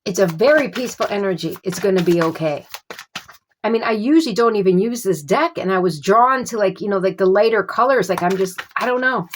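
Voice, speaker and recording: A woman giving a casual tarot reading. She gropes for words with many fillers and keeps offering calm reassurance. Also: medium pitch, quick pace, hardly any pauses, slight background noise. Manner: reassuring, repeats soothing phrases. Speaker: tarot reader.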